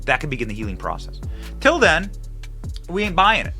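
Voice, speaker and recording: A man hosting a political commentary show, his voice bright and forceful and pitched a little high. He talks emphatically and mockingly, jumping between loud high bursts and low, quieter asides. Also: huge pitch swings, fairly quick, faint music behind. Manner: emphatic and mocking, with big swings in pitch and loudness.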